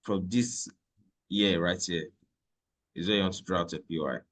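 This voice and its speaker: A man's voice: low-pitched, moderate pace, a bit bright. A man teaching a live trading lesson in a conversational way, repeating points and checking in with "okay?". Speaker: trading instructor.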